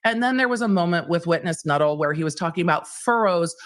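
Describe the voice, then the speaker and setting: A woman's voice: on the low side, lively intonation, fast. Chatty woman recapping a trial. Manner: conversational, chatty with fillers. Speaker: legal commentator host.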